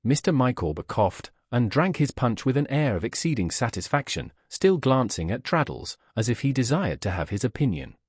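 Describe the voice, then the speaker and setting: A man narrating a classic novel as an audiobook in a measured, expressive reading. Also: medium pitch, breathy edge, dry recording, clean studio sound. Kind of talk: scripted narration.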